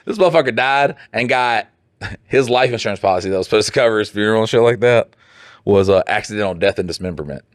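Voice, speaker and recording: A man with a drawl co-hosts a podcast, reading listener stories and joking crudely between lines. His voice sits low, and the close mic picks up no room at all. He talks in bursts and jumps way up in pitch when he mocks someone. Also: quick pace, no room sound. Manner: animated, joking, breaks into laughter, jumps up in pitch for mock voices. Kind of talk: casual profane banter.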